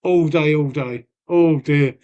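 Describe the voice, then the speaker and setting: A man's voice: a little high, slow, a little mellow, lo-fi sound. A man with a Lincolnshire accent chatting casually on his live stream, bantering with viewers, swearing freely and calling everyone mate. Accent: Lincolnshire English. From Lincolnshire, England. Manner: folksy, peppered with "mate" and "innit".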